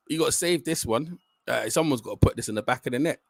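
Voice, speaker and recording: A young man reacting live to a football penalty shootout, swearing, muttering tensely and then shouting. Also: mid-range voice, fast, gravelly, dry recording. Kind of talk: live watch-along reaction.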